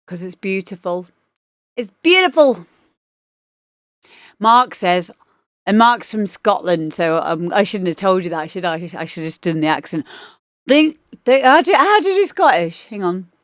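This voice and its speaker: This woman DJ hosts a livestream in a lowish, clear, resonant voice, recorded dry with clean studio sound. She chats casually and rambles, using lots of fillers while giving feedback on demos.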